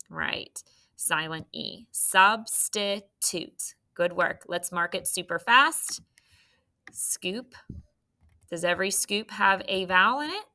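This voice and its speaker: Casting: young woman, third grade teacher, slow encouraging phonics delivery, bright tone. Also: on the low side. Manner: slow, encouraging, spells out letters. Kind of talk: phonics lesson to young students.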